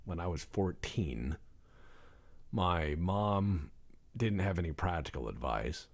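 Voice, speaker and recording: A man's voice: low-pitched, expressive, slow. A man hosting a let's-play video, chatting casually in a rambling, profane, self-deprecating way. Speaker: gaming channel host.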